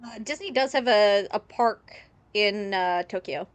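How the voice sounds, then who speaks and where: A woman's voice: medium pitch, unhurried, clear, resonant tone, dry recording. A woman streaming a game live, rambling through chatty tangents and laughing often. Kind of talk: casual live gameplay commentary.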